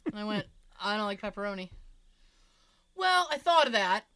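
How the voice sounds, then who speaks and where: A woman's voice: mid-range voice, big pitch swings, normal speed, pushed and bright, smooth. A woman chatting casually, telling funny family stories with lots of swearing and laughter. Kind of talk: casual chat.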